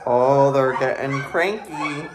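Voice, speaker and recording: A man's voice: medium pitch, takes it slowly. A man hosting a casual home vlog, chatting playfully and cooing baby talk at his dogs by the pool. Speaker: vlogger host. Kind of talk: casual vlog chat with pets. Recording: noisy background with dog sounds. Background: dogs and puppies.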